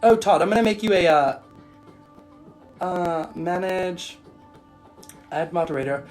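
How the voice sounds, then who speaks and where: A woman's voice: on the low side, measured pace, pauses often, a little mellow, soft background music. A woman hosting a casual phone livestream, bubbly and laughing often as she reacts to viewer comments. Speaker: livestream host and spiritual shop owner.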